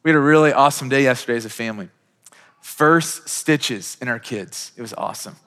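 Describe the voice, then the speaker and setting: A man's voice: medium pitch, a little fast, fairly bright tone, smooth. A man in his thirties preaching a sermon as pastor, emphatic and full of rhetorical questions. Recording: long hall reverb.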